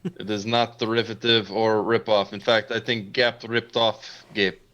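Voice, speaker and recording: A man's voice: lowish voice, little pitch movement, measured pace, fairly bright tone. Man putting on a mock-Russian accent, boastful knockoff jeans seller, stammering, insistent, dull lo-fi audio. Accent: put-on Russian.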